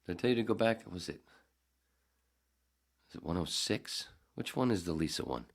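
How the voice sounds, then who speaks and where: A man hosting a podcast, telling a story casually with lots of swearing and acting out his own shouting. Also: low voice, normal speed. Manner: profane, animated, acts out his own shouting. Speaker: podcast host.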